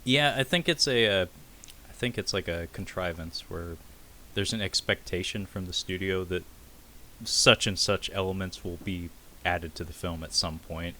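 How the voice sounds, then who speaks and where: A man's voice: deep voice, normal speed, pushed and bright. A man co-hosting a film review podcast, talking loosely and profanely with lots of filler "uh"s. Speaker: podcast co-host. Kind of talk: casual film review chat.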